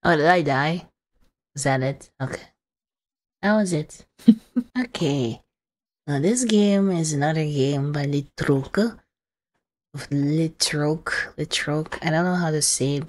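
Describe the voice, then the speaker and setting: A woman hosting a gaming channel, reading game text aloud and commenting in a soft, low-key way with sudden startled yelps.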